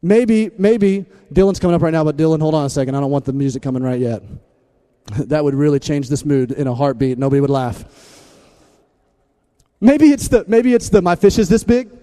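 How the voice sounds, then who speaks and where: Pastor, male, high mellow voice, playful and energetic, faint music underneath. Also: fairly quick, clean tone. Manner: energetic, jokey, swings from loud to hushed. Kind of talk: lively humorous sermon.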